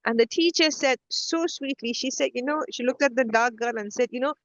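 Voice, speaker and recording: Middle-aged woman co-host, chatty animated storyteller, slightly high voice, dry dull lo-fi sound. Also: fairly quick, no room sound. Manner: animated storytelling with many restarts. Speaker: podcast co-host. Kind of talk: casual conversation.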